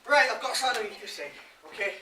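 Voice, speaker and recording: An actor playing a frustrated prison officer, speaking emphatically to the audience. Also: male voice, high voice, lively intonation, very fast, bright, forceful tone, slight background noise, exaggerated voice. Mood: insistent. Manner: emphatic, insistent, addressing an audience. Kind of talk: theatre monologue. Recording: live stage, roomy, from far off.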